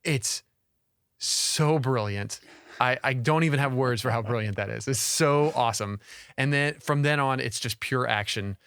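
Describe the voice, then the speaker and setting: A man's voice: medium pitch, normal speed, a bit bright, clean tone, no echo, studio quality. A man co-hosting a podcast, casually and animatedly talking about a favorite movie scene, amused, with many restarts. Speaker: podcast co-host. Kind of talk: casual film discussion.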